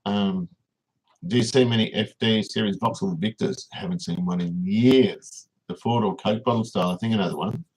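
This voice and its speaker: A man's voice: lowish voice, normal speed, darkish tone, low-quality recording. An Australian man hosting a casual livestream, rambling and reading viewers' comments aloud as he answers them. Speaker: livestream host.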